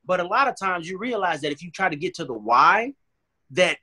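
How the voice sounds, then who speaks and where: A man's voice: high voice, sing-song, brisk, pushed and bright, husky. A man guest in a candid interview, talking earnestly and acting out both sides of an argument as he tells it.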